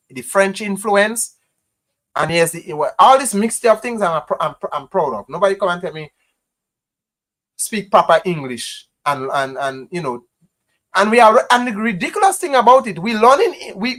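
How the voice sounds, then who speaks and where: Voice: mid-range voice, fairly bright tone. A Grenadian-accented voice hosting a live stream, speaking to viewers in a loose, conversational way. The delivery is impassioned and insistent, with lots of repetition and frequent "you know" fillers. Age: adult parent.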